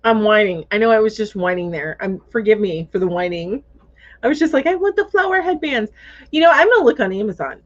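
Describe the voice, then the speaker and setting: Speaking quickly with lively intonation and a medium-pitched voice, a woman runs a crochet live chat. She reads viewer comments aloud in a relaxed, chatty manner, thinking out loud and laughing often. The recording is dull, lo-fi livestream audio.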